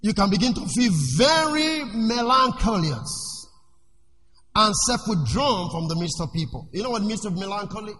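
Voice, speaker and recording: A male preacher giving a sermon in an animated way. He asks the congregation questions and lets them finish his sentences. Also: high-pitched, normal speed. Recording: echoey hall with faint noise.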